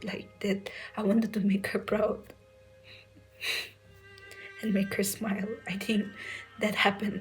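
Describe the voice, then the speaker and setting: Soft-spoken young woman, tearful and flat. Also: medium pitch, low-quality recording. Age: young adult. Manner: soft-spoken, often near a whisper, many fillers. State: tearful, emotional. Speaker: medical entrance exam aspirant sharing her story. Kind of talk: emotional personal storytelling.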